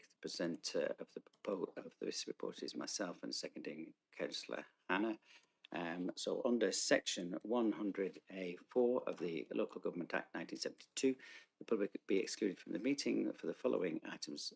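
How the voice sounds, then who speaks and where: A man's voice: low voice, gravelly, breathy edge. A man chairing a formal council meeting in a meeting room, reading out motions and procedure with frequent ums and hesitations.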